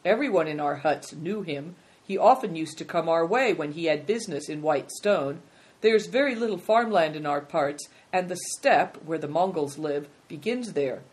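A woman's voice: sits low, darkish tone. A woman reading a storybook aloud and voicing a poor, polite, clever country boy. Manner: polite and earnest.

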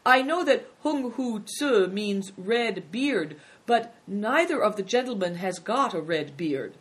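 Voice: medium pitch, expressive, slow, voice pushed up. A narrator voicing an eager young boy. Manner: eager, polite, questioning.

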